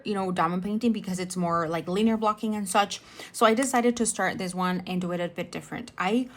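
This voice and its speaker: A young adult woman chatting casually while she works on a diamond painting, rambling and correcting herself as she goes. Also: mid-range voice. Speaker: diamond painting channel host. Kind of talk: casual chat while crafting.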